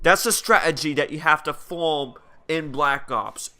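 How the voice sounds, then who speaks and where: A man's voice: fairly high pitch, a little slow, bright, forceful tone. A young man giving casual, brash and crude game commentary, ranting and mocking other players. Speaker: gameplay commentator.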